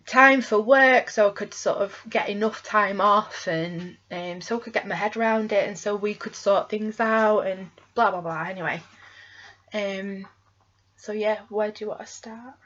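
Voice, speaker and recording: A woman's voice: mid-range voice, steady tone, a little slow, fairly bright tone, muffled recording. A woman vlogging in casual chat with her boyfriend, rambling with lots of ums and tag questions.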